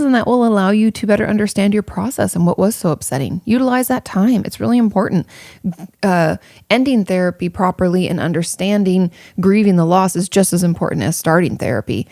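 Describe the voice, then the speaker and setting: A woman's voice: lowish voice, gravelly, a little mellow, dry recording, studio quality. A woman therapist hosting an advice podcast, talking casually and frankly with many fillers as she answers listener questions.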